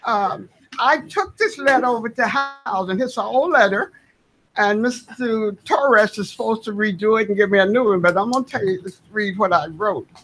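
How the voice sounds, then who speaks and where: A woman's voice: medium pitch, moderate pace, a bit bright, slight background noise. A woman, speaking as a tenant during public comment at a board meeting, earnest, folksy and insistent. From Southern United States.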